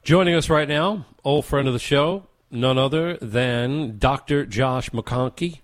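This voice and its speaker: A man's voice: medium pitch, measured pace. A man hosting a talk radio show, delivering opinionated commentary with emphatic, rhetorical repetition.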